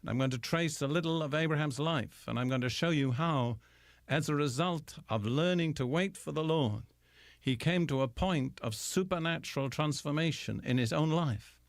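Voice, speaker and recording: Older guy teaching the bible on the radio, slow and deliberate, dry close sound. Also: a little high, no room sound. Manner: slow, deliberate preaching with emphatic pauses.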